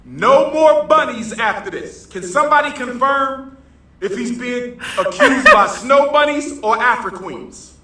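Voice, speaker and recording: A man's voice: extremely high pitch, expressive, a little slow, pushed and bright. A man joking in a casual selfie-style rant, repeating himself and laughing as he goes. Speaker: social media commenter. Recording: roomy, distant clip with faint noise.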